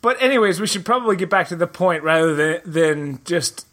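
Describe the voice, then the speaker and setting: Jokey higher-voiced man laughing along. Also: lively intonation, fairly quick, fairly bright tone. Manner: jokey, laughs a lot, self-deprecating. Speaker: podcast co-host. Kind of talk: casual anime review chat.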